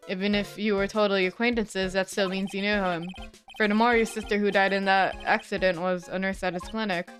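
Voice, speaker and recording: A woman's voice: mid-range voice, a bit bright, close to an everyday voice. A woman reading as an earnest young lawyer. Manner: reads lines plainly, inquisitive. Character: young male defense attorney, earnest and questioning.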